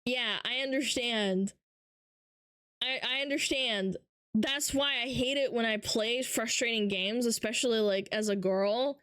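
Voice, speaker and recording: A woman's voice: on the high side, unhurried, a bit bright, clean tone, dry recording, studio quality. A woman livestreamer in casual chat, ranting with lots of swearing and mocking her viewers. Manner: ranting, profane, mocking impressions.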